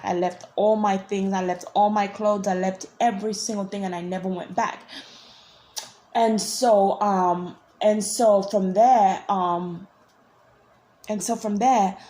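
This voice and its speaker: Rambling young woman vlogger, mellow voice. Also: medium pitch. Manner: blunt, rambling, swears. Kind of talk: casual storytelling.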